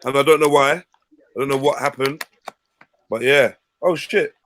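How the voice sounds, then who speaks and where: A young man with a South London accent hosting a casual livestream panel over a headset, bantering loudly and swearing freely. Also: medium pitch, normal speed, a little hiss or hum. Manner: loud, animated banter, swearing.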